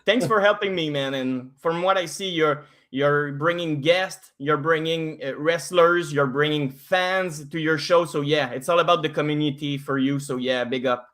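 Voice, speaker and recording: A man's voice: a little high, normal speed, hardly any pauses, fairly bright tone. A man on a podcast as a guest, chatting in a friendly, supportive way. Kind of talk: casual chat.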